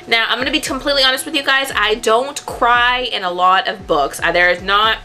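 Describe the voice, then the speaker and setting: A woman's voice: on the high side, a little fast, bright, forceful tone, faint music behind. A young woman chatting casually to camera about books, rambling and correcting herself as she goes. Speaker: book vlogger.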